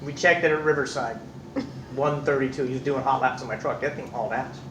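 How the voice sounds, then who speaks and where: A middle-aged man from California, an instructor who tells lively stories in class, acting out voices and swearing casually. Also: medium pitch, fairly quick, a little hiss or hum. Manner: animated storyteller, acts out voices, swears casually. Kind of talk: anecdotes in a class. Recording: echoey room, distant mic.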